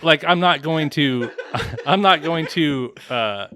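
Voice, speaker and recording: A man's voice: on the high side, slow, crowd noise. A man co-hosting a podcast in casual chat, rambling and hedging with fillers, laughing at his own jokes. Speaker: podcast co-host.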